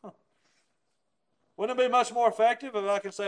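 A man's voice: very high voice, steady tone, a little fast, long pauses, poor audio. A man preaching a sermon in an earnest, emphatic way, often asking rhetorical questions.

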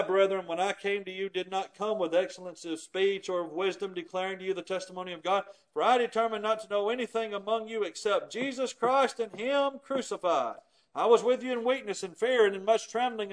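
A man preaching a sermon with a notably high voice. He speaks earnestly and with emphasis, pressing his listeners with rhetorical questions. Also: low-quality recording.

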